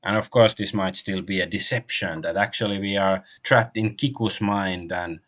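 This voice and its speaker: A man streaming a game, translating the on-screen text aloud as he goes, with frequent pauses and restarts. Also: deep voice, fairly even intonation, a bit bright. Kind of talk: live game stream commentary.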